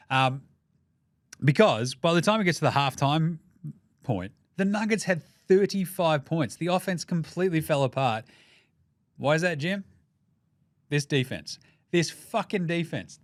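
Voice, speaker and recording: Profane Australian sports podcast host. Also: male voice, a little high, no echo, clean studio sound. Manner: profane, jokey, animated. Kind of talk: casual sports commentary.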